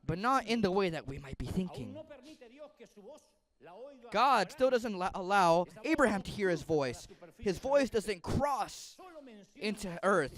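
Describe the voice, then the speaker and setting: A man, a pastor, retelling a Bible story in a dramatic, emotive sermon. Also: sits high.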